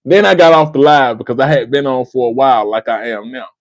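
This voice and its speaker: A man's voice: medium pitch, brisk, no echo, rough recording. A man from the United States hosting a livestream, giving impassioned commentary, repeating phrases for emphasis and speaking to a listener by name. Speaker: livestream host.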